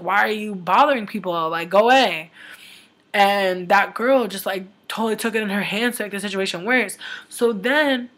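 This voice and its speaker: A woman's voice: mid-range voice, fairly bright tone. A young woman telling a story to camera in a rambling, casual way, full of "like" fillers and swearing, upset as she retells it. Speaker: vlogger.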